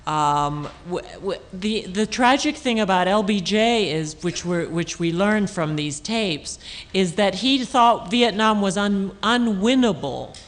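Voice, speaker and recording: A woman author answering audience questions on a panel at a public talk, thoughtful and halting, with many restarts and fillers. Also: mid-range voice, expressive. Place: auditorium stage.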